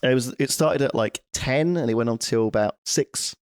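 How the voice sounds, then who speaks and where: A man's voice: mid-range voice, moderate pace, dry recording. Rambling man, podcast storyteller, frequent swearing and laughs, dry close mic. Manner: rambling, swears freely, laughs through anecdotes. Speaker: podcast co-host. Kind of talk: casual storytelling chat.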